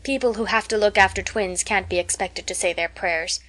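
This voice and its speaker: A woman's voice: mid-range voice, moderate pace, fairly bright tone, close to an everyday voice. A woman reading an audiobook and voicing a talkative, dreamy eleven-year-old orphan girl in a raised, eager voice.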